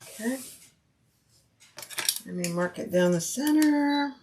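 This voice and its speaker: A woman's voice: a little high, lively intonation, takes it slowly, noisy background. A woman hosting a live sewing stream, chatting casually as she works and greeting viewers by name. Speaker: sewing livestream host. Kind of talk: casual live crafting chat. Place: home sewing room.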